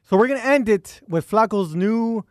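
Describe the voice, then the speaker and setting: A man hosting a casual podcast, steering the talk and quick with agreeing "right, right.". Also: high voice, animated, dry recording, studio quality. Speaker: host.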